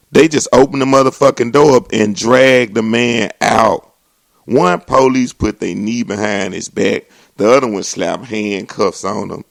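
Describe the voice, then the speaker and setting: Gravelly man ranting. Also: no room sound. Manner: animated, swings into mocking voices and high exclamations. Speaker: comedy show host. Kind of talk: profane comedic rant.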